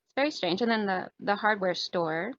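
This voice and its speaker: A woman joining a podcast as a guest and mulling over a film's symbolism. She leans on likes and you-knows, and her voice is going a bit hoarse. Her audio is dull, lo-fi and very dry. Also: medium pitch, moderate pace, fairly bright tone, no echo. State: losing her voice. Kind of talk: casual movie review chat.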